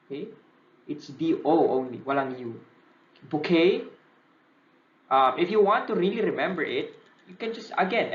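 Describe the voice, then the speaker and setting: Filipino man lecturing in an echoey room. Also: a little high. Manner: Taglish code-switching, frequent "okay?" checks. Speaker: civil service exam reviewer. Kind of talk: recorded lecture. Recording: echoey room, dull lo-fi sound.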